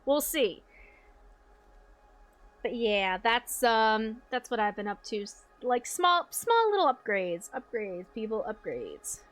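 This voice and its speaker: A young woman streamer chatting casually with her viewers, rambling, swearing freely and filling pauses with likes and ums. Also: a little high, big pitch swings, a bit bright. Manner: rambling, swears casually, frequent fillers and laughs.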